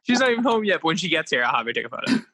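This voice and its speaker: A man with a bright, fairly high voice co-hosts a podcast from his phone on a laggy video call. His pitch moves a lot as he talks, flustered but good-humored. He keeps laughing as his connection cuts out. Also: very animated, very fast, no room sound. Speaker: podcast co-host. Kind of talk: casual chat over a laggy video call.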